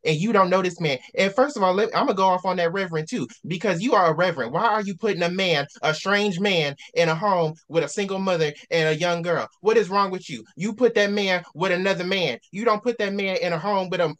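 A man's voice: high-pitched, a little fast, few pauses, a bit bright. A man hosting a book discussion, going on a heated rant and hammering his points with repetition. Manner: heated ranting, repeats himself for emphasis. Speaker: host.

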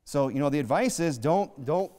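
A man's voice: a little high, lively intonation, normal speed, darkish tone. A male pastor preaching a sermon in a church, emphatic and conversational, full of rhetorical questions. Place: church sanctuary. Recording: long hall reverb.

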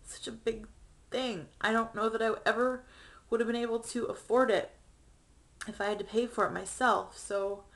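A woman's voice: mid-range voice, fairly bright tone. Young woman vlogging, chatty and earnest, says um a lot, gets a bit teary. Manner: chatty, frequent ums, earnest. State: emotional, near tears. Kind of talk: personal video diary.

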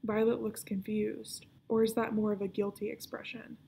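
A woman reading a children's chapter book aloud, keeping her narration hushed and often dropping to a whisper. Her voice is dark and mellow, with a gravelly edge. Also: mid-range voice, little pitch movement, moderate pace, a little hiss or hum.

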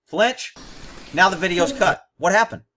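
Blunt, high-voiced man explaining. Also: measured pace, pushed and bright. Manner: blunt, combative, scolding; emphatic, explaining in short punchy lines. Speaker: host commenting on a horse-training video. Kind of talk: blunt commentary on a video.

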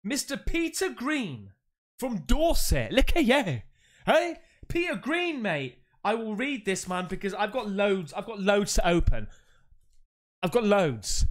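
A man hosting a casual unboxing vlog, chatty and excitable, calling his viewers mate. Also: high-pitched, measured pace. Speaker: YouTube host.

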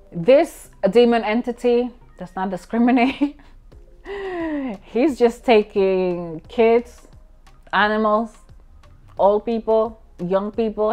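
A woman recapping a horror film in a relaxed vlog, talking animatedly and laughing now and then. Her voice sits at an ordinary middle pitch, and faint music plays softly beneath her. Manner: chatty, animated, with frequent laughs and fillers. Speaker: film reviewer. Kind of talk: casual vlog film review.

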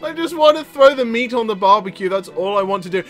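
A young man with an English accent hosting a let's play, reacting loudly and laughing at the game. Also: high voice, a little fast, soft background music. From England. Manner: excitable, yelling and laughing at the game. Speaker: gaming channel host.

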